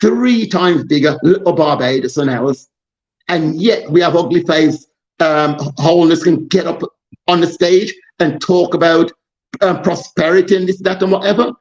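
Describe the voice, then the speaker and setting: A man's voice: a little high, darkish tone. Man, exasperated and rambling, dull recording. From Jamaica. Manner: passionate, exasperated, rambling with restarts. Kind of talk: casual political discussion.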